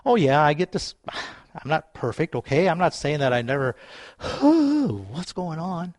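A man, a pastor, preaching a sermon with fervent repetition and calls to the congregation, chuckling often and at times dropping to a soft, low voice. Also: very animated, a little slow, dry recording, clean studio sound.

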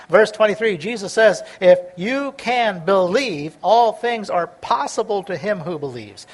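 A man preaching a sermon, reading scripture aloud and explaining it, stumbling over words at times and swinging between loud and soft delivery. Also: high voice, expressive, slow.

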